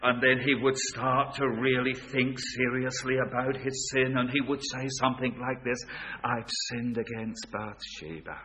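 A man preaching a sermon, swinging from hushed, quiet lines to loud, ringing ones. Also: medium pitch, monotone, moderate pace, hardly any pauses, a little hiss or hum. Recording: dull lo-fi recording.

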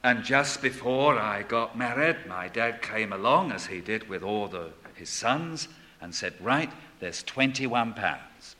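An older man preaching a sermon, dropping to a hush and then rising to loud proclamation. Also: fairly low pitch, lively intonation, unhurried. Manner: swings between hushed and loud proclaiming.

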